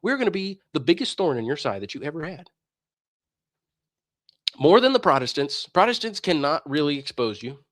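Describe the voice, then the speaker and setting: A man's voice: a little high, big pitch swings, normal speed, pauses often, a bit bright, no echo, studio quality. A man hosting a religious debate stream, delivering a heated, scornful and preachy monologue that mocks his opponents. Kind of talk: ranting monologue.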